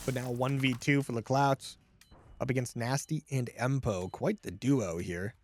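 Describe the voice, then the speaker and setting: A man giving energetic, joking play-by-play as co-caster of a competitive shooter match. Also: mid-range voice, measured pace, dry recording. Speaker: esports co-caster. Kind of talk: excitable play-by-play commentary.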